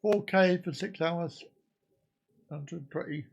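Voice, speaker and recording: A man's voice: a little high, slow, creaky, breathy edge, lo-fi sound. A man in his fifties from the UK, hosting a casual live stream and bantering crudely with his viewers. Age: 50s.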